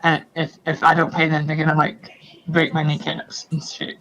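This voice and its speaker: A man's voice: a little high, monotone, normal speed, creaky, sharp tone, slight background noise, poor audio. A man playing his character in a tabletop game, hesitant with many ums and casual slang, on a faulty computer mic over a voice call. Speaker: player. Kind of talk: tabletop role-play, speaking in character. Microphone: faulty computer mic over online voice call.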